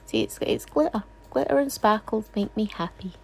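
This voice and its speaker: A woman's voice: medium pitch, huge pitch swings, moderate pace, creaky, darkish tone, breathy edge. A woman nail technician doing a casual, rambling tutorial voice-over, chatty and self-deprecating, often apologizing.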